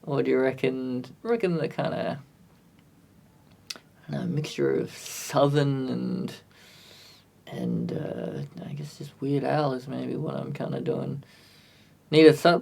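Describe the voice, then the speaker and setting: A man's voice: mid-range voice, wildly swooping pitch, takes it slowly, creaky, pauses often, a little mellow. A man live-streaming a music recording session, thinking aloud and chatting with viewers in a self-deprecating way. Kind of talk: casual live-stream chat.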